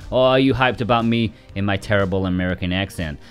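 A man's voice: on the low side, quick pace, clean tone, faint music behind. A man hosting a game release roundup in casual scripted commentary, full of sarcastic joking asides. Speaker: game release news host.

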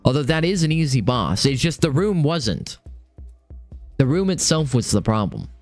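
A young man commentating his own game run, excitable and swearing, talking to himself. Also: medium pitch, normal speed, dry recording, soft background music. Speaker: gaming streamer. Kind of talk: live let's-play commentary.

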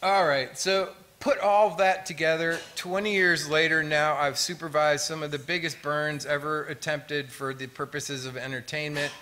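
Middle-aged american guy, bright punchy voice, telling funny stories at a talk. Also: on the high side. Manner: lively storytelling with humor. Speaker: fire artist and pyrotechnician. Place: museum auditorium.

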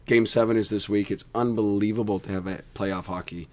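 A hoarse man hosting a tech show, bantering in an animated, self-deprecating way. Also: on the low side, a little fast. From Canada. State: hoarse from screaming. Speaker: podcast host.

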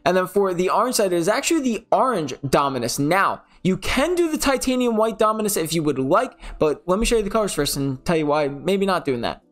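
A man's voice: high voice, very animated, brisk, hardly any pauses, fairly bright tone, soft background music. A young man from the New York area chatting casually over game footage, often correcting himself mid-sentence. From New York City area. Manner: chatty, self-correcting, rambling. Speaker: gaming channel host.

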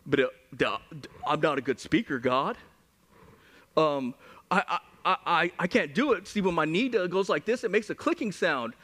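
A man putting on a bumbling Moses who stutters and hems through feeble excuses, his voice dropping well below the preacher's usual bright tone. The delivery is halting, whiny and unsure of itself, as if he is hunting for any way out. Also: on the high side, lively intonation, pitched below the performer's own voice. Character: stammering Moses making lame excuses.

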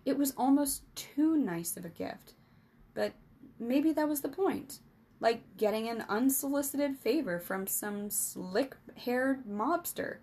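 A woman's voice: expressive, takes it slowly, slightly rough. Woman reading a storybook aloud. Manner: voices boys' dialogue with higher, louder pitch. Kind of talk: scripted narration.

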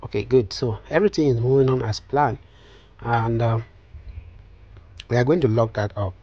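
A man calmly talking through a phone design tutorial step by step, with many fillers. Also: medium pitch, normal speed, highs cut off. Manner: calm step-by-step instructions with frequent fillers. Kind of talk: screen-recorded software tutorial.

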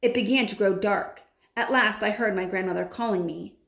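A woman reading a children's novel aloud with expressive delivery, breaking in with chatty asides. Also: medium pitch, normal speed, creaky. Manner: animated, adds chatty comments. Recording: roomy echo.

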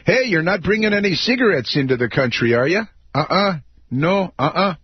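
A man's voice: sits high, animated, moderate pace, husky, dry recording, pitched above the performer's own voice, full character voice. A man voicing a friendly border official, jokey and singsong. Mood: mocking. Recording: dry, slightly dull studio audio.

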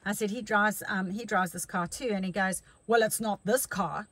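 A woman's voice: medium pitch, fairly even intonation, moderate pace, a bit bright, dry recording, poor audio. A middle-aged woman life coach giving a chatty motivational talk, telling stories with many restarts.

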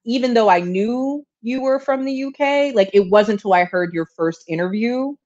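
A woman hosting an interview, chatty and quick to laugh as she asks her questions. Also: a little high, lively intonation, a little mellow, muffled recording. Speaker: host. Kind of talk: casual interview chat.

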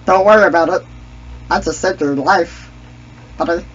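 Goofy excitable alien sidekick, put on by a man for game commentary; husky, muffled mic. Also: high-pitched, moderate pace. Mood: eager. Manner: refers to himself in third person, brash trash talk. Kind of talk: gaming commentary in a character voice. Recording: dull lo-fi mic.

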